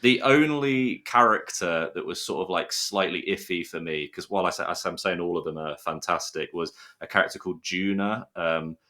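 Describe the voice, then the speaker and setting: A man's voice: low voice, normal speed, hardly any pauses, bright, forceful tone. A man from the United Kingdom with a British accent, chatting enthusiastically as a podcast guest, rambling a little with restarts. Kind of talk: casual podcast chat.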